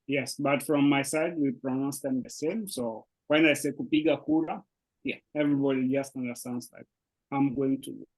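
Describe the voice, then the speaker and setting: A man's voice: medium pitch, fairly even intonation, normal speed, low-quality recording. A man who speaks natively, teaching a language lesson in English with a hesitant manner full of fillers and restarts. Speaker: Swahili teacher. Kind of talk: explaining an online language lesson.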